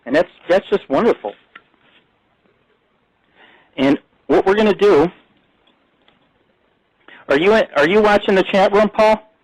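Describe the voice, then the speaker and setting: A man's voice: sits high, takes it slowly, pauses often, no room sound, low-quality recording. A middle-aged man hosting a live internet radio talk show, ranting and boasting in crude, profane language.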